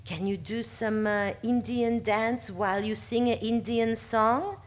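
Polite French casting director with an exaggerated accent, a woman doing the voice; lifted, hushed delivery. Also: on the high side, measured pace, voice pushed up, lightly acted. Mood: politely curious. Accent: French (put on).

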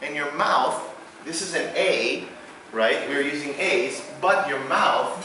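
A man with a Venezuelan Spanish accent, a native Spanish speaker, leading a vocal workshop, explaining in halting English full of fillers and breaking into sung syllables. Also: fairly high pitch, pushed and bright. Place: large hall. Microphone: far room microphone. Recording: distant, very echoey hall with background noise.

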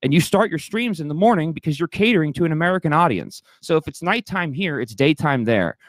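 A man's voice: on the high side, animated, quick pace, no room sound. A man ranting heatedly as a livestream guest, swearing a lot and restarting his sentences. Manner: profane, agitated, rambling with many restarts.

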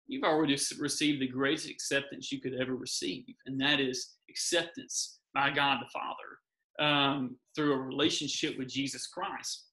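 A man's voice: mid-range voice, little pitch movement, normal speed, bright, forceful tone, poor audio. A man speaking as a guest in an earnest, encouraging faith talk, often repeating his key phrases.

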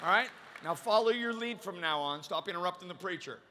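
A male pastor preaching a sermon to a large conference crowd. He repeats words and restarts often, and he swings between shouting and a low, quiet, confiding voice. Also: lively intonation, a little fast, background noise.

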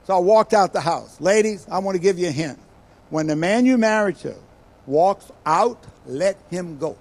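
An older man preaching a sermon as a guest speaker, telling stories with animated bursts and quiet asides. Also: sits high, moderate pace. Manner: animated storytelling, acts out quoted voices with sudden loud bursts and quiet asides.

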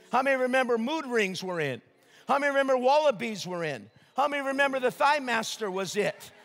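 An older man preaching a sermon as pastor, lively and joking, asking the crowd questions. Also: extremely high pitch, long reverb tail. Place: church sanctuary.

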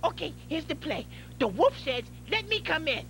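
A woman's voice: high-pitched, sing-song, normal speed. A woman voicing an eager, bossy little piglet who directs a play with a friend. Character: excitable young piglet child putting on a play.

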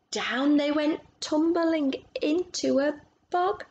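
A woman reading a picture book aloud to children, expressive and stopping to ask about the pictures. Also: high-pitched, slight background noise, low-quality recording. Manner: expressive, asks listeners questions about the pictures. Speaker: storytime reader.

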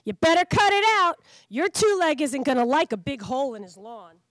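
A woman voicing a brash, mean male guard dog in a storybook reading, in a gruff, warning tone. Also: sits high, sing-song, moderate pace, a bit bright, dry recording, clean studio sound.

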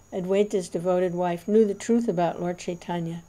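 A woman reading a devotional scripture aloud in a measured, reverent narration. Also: lowish voice, steady tone, mellow. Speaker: reader.

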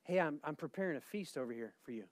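A man doing a soft, easygoing, unbothered God. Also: fairly high pitch, lively intonation, fast, no room sound. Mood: calm. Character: calm relaxed God, soothing male voice.

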